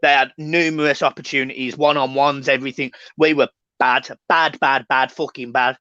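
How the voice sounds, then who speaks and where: A man's voice: mid-range voice, level tone, normal speed, sharp tone, dry recording. A man co-hosting a fan channel, agitated and swearing, stumbling over words in a football reaction chat. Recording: dry, dull lo-fi sound.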